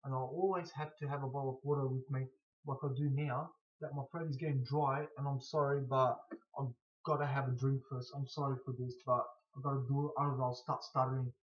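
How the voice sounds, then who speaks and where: A man with a blocked nose from hay fever, answering viewer questions in a casual, halting way with stutters and restarts. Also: mid-range voice, level tone. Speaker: scrap collector vlogger. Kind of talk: casual to-camera Q&A. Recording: dull lo-fi recording.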